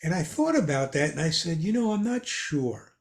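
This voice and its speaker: An older man, a guest on a hobby podcast, tells casual anecdotes with an animated, chuckling delivery. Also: on the high side, moderate pace. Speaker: guest ham radio expert. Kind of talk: casual storytelling in a podcast chat.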